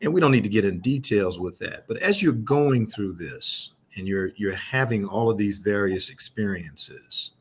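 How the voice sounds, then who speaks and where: Low-voiced male interview host. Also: animated, breathy edge. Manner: halting, repeats phrases as he frames questions. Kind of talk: conversational interview.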